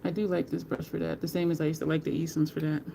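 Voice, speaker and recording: A middle-aged woman chats with viewers while doing her makeup on a livestream, laughing often and saying hello to them by name. Her low, dark voice has vocal fry and a level tone, and she talks at a quick pace over slight background noise.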